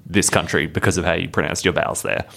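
A man's voice: low-pitched, steady tone, fast talker, gravelly, pushed and bright. A man co-hosting an anime podcast, making dry, wry remarks in casual chat. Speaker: podcast co-host.

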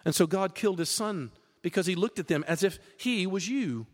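A high-voiced male pastor delivers a lively, conversational sermon. His pitch swoops up and down as he preaches. The recording carries the long reverb of a large hall. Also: normal speed. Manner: conversational, animated preaching with many fillers.

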